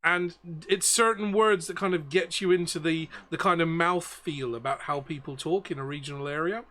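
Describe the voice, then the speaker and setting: A male game master steps out of the story to chat, explaining at length in a loose, rambling way. His voice is bright and forceful and sits a bit high for a man. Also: steady tone, moderate pace.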